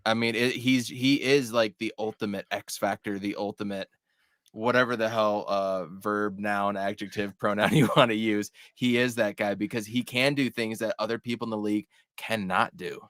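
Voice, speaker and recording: A man with a somewhat low voice breaking down a game on a podcast, close to the mic in a dry room. He is blunt and animated, and he drops curse words without a second thought. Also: moderate pace, dry recording. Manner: blunt, animated, swears casually. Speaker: podcast guest analyst. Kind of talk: casual sports chat.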